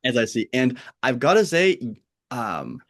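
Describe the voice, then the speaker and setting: An American man with a flat Pennsylvania-Oregon accent, hosting a podcast in casual, halting chat with frequent restarts and laughs. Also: mid-range voice. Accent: General American. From United States (Pennsylvania, Oregon). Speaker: podcast host.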